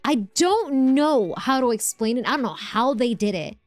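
A woman's voice: fairly high pitch, lively intonation, normal speed, a little mellow, no room sound, faint music behind. A woman live-streaming a game, chatting casually and answering her chat with lots of fillers and restarts.

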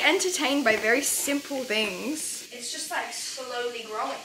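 A young Australian woman chatting casually in a home vlog, bubbly and quick to exclaim. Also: high-pitched, expressive, reverberant, noisy background. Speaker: vlogger. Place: room at home.

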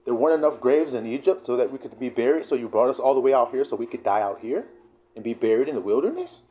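Griping, exasperated grown man, put on by a man, pitched way up, whiny and profane. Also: sing-song, fast, creaky, a little mellow, heavily acted. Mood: pleading. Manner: whiny, profane, street-talking complaints.

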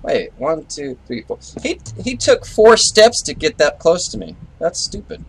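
Jumpy gravelly young man playing a game. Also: a little high, sing-song, unhurried. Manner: jumpy, swearing, scolds game characters, nervous laughs. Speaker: let's play gamer. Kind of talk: live horror game commentary.

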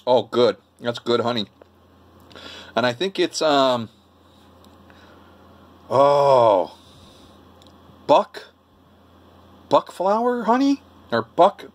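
An older man with a Brooklyn accent, chatting casually in a rambling cooking vlog full of fillers and restarts. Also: medium pitch. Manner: rambling, chatty, lots of fillers and self-interruptions. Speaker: vlogger.

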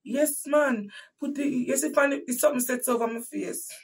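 A woman with a Jamaican accent and a husky voice preaching to her listeners as she tells a painful personal story with emphatic repetition, swinging from hushed to loud. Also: high-pitched, steady tone, moderate pace, far from the mic, low-quality recording. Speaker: host and preacher.

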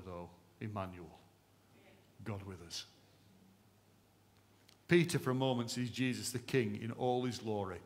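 A man preaching a sermon in a church service, with impassioned, rhythmic repetition. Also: fairly low pitch. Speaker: pastor.

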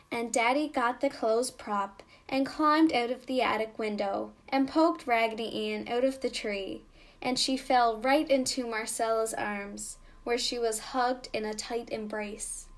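A woman reads a children's story aloud in a gentle storybook manner. She takes her time over every phrase. Her voice sits slightly high. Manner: slow, gentle storybook narration.

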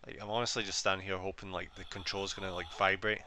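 A man's voice: low-pitched, quick pace, noisy background. A man streaming a horror game live, swearing often, counting aloud and talking to himself as he works out the puzzle. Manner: swearing, excitable, talks to himself. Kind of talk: live gameplay commentary.

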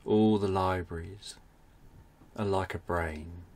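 A man narrating a bedtime story for adults, speaking in a soft, soothing way. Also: low-pitched, steady tone, slow pace.

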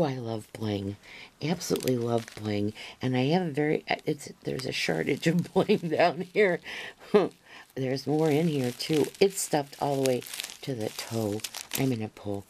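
A woman's voice: a bass voice, slow, a little mellow, a little hiss or hum. A woman crafter showing handmade gifts to camera in a casual unboxing chat, gushing and rambling with many fillers.

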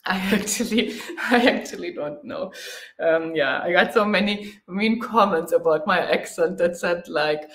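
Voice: medium pitch, measured pace, fairly bright tone. German-accented vlogger in a roomy space. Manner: chatty, thinking aloud, laughs readily. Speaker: travel vlogger and motorcyclist. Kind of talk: live Q&A chat.

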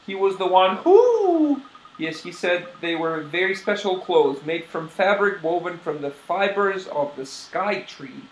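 A man voicing a kindly old grandmother owl shopkeeper in a high, quavering, hooting voice. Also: very animated, measured pace, echoey room, a little hiss or hum, rough recording.

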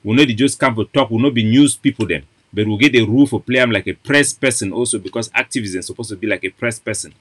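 A man speaks with a Cameroonian Pidgin English accent, pitched in the middle range, moving between English and Pidgin as he builds into fervent, insistent oratory. He addresses his listeners as an activist host, and the recording is dry and close, with no room sound. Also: quick pace, hardly any pauses, breathy edge, no room sound. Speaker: activist host of an online platform. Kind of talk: impassioned political address.

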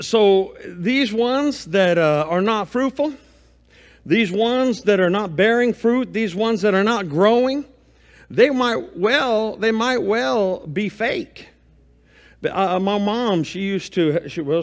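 A man preaching a sermon in a high, bright-toned voice, talking in a folksy, conversational way. He moves between homespun stories and reading scripture aloud. The sound carries a long reverb from a church sanctuary. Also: lively intonation, slow pace. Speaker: pastor.

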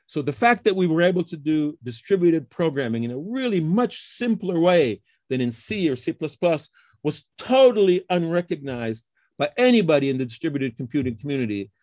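A middle-aged man, a computer science professor, talks through research history in a relaxed interview and often checks in with "okay?" and "huh?". He acts out the colleagues he quotes. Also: on the high side, normal speed, no room sound. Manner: explains with frequent tag questions like okay and huh. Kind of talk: casual interview conversation.

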